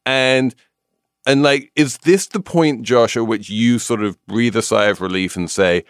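A man hosting a podcast, explaining things briskly and adding quick asides. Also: medium pitch, clear, resonant tone, no room sound, studio quality. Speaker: podcast host.

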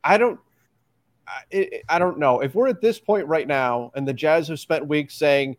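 A man hosting a basketball podcast, steering the topics in brisk casual chat. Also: on the high side, no room sound. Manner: steers the talk, brisk and chatty. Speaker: podcast host.

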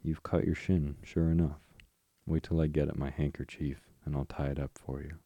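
A man's voice: a bass voice, level tone, normal speed, dark tone, no room sound, lo-fi sound. A man reading a bedtime story, voicing a clever male water rat who is eager and impatient. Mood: kindly.

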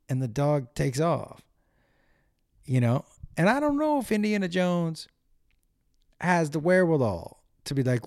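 A man hosting his own show, telling a rambling, animated story with plenty of swearing and acted-out voices. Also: fairly high pitch, normal speed, creaky, no echo, clean studio sound. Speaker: comedian podcast host. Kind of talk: casual rambling monologue.

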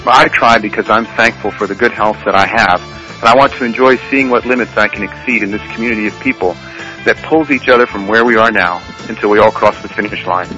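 A man's voice: on the low side, fast talker, bright, forceful tone, faint music behind, rough recording. A man from Ohio leaving a playful, self-mocking voicemail for a podcast. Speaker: listener calling in. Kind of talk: recorded voicemail.

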